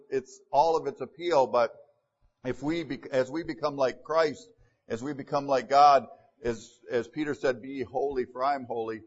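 A man's voice: fairly high pitch, husky, lo-fi sound. A man preaching a verse-by-verse sermon in a plainspoken way, with fillers and restarts, reading scripture in King James wording. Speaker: pastor. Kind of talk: expository sermon.

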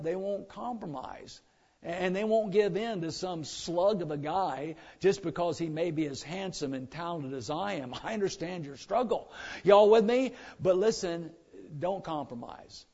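A high-voiced man with a drawl preaches with lively, joking energy, slipping into mocking voices of complainers. The recording sounds a bit dull and lo-fi. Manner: animated, joking, mimics complainers. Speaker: pastor. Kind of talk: sermon.

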